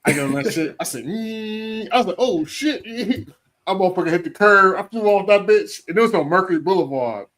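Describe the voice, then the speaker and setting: A man co-hosting a casual live chat show, telling animated stories and acting out other people's voices with lots of laughter. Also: sits high, fast, hardly any pauses. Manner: animated storyteller, acts out voices, laughs often. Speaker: co-host.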